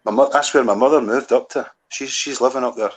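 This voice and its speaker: A soft-spoken Scottish man hosting a casual live chat. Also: medium pitch, fast. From Scotland. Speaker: host.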